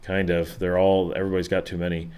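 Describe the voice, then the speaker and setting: This Western New York livestream host, a middle-aged man with a Buffalo accent, has a deep, darkish voice that is clear and resonant, level in tone, and fast. He reads viewer comments in casual chat, rambling with many fillers and restarts.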